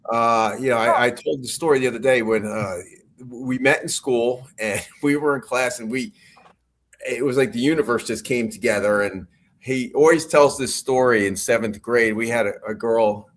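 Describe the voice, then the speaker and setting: A man's voice: medium pitch, moderate pace. Middle-aged man from New Jersey, podcast guest, casual and rambling, restarts often, laughs as he goes.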